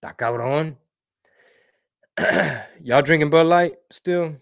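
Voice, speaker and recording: A slangy man rambles through viewer comments on a casual live stream. His voice sits a bit high for a man, and he drops Spanish words into his talk. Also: takes it slowly, vocal fry, fairly bright tone. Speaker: comedian hosting a live stream.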